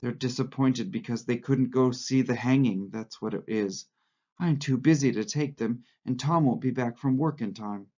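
Jittery tired housewife, hesitant, higher voice, man doing her, dull lo-fi audio. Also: normal speed, warm tone, close to an everyday voice. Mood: weary apologetic. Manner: flustered, hesitant. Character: nervous, worn-out housewife, fretful.

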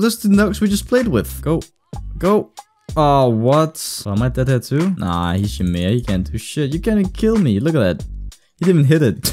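Man, gaming commentary, animated pitch, excitable, cursing, faint music behind. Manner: excitable, swears often, sudden loud outbursts. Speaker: gaming YouTuber. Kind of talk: live gameplay commentary.

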